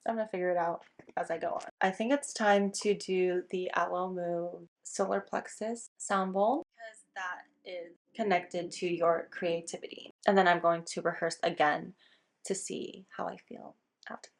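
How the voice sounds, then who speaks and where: A woman's voice: fairly low pitch, fairly even intonation, moderate pace, poor audio. A young woman vlogging casually, chatty and self-conscious, clipping her words short. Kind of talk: casual vlog talk. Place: home kitchen, then car.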